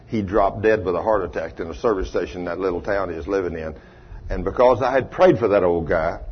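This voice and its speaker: A husky-voiced man delivers a folksy sermon full of homespun stories. His voice rises into loud bursts, then drops low and quiet. The recording is muffled and lo-fi. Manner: folksy storytelling, swinging between loud and hushed. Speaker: preacher. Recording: dull lo-fi recording.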